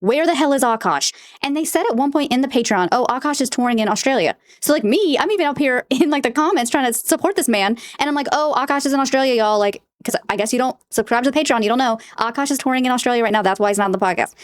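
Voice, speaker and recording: Woman reaction host, rapid blunt delivery, slightly high voice, dry booth. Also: dry recording. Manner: blunt, exasperated, rapid-fire. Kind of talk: casual reaction commentary.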